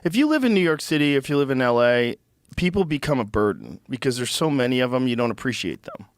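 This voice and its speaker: A man hosting a podcast, giving relaxed, opinionated comments in casual conversation. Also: medium pitch, quick pace, no room sound, studio quality. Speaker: podcast host.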